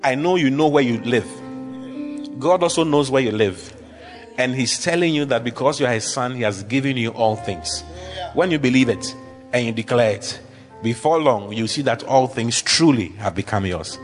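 A man's voice: mid-range voice, moderate pace, soft background music. A man preaching a sermon with emphatic, repetitive declarations, leading the congregation in call-and-response.

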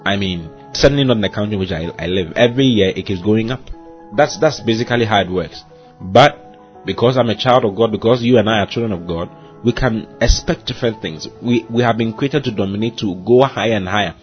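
A man's voice: on the low side, fairly quick, muffled recording, soft background music. A man pastor hosting a short devotional sermon, preaching emphatically and repeating key phrases. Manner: emphatic preaching, repeats phrases, says "you see" and "hallelujah" often. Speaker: pastor and host.

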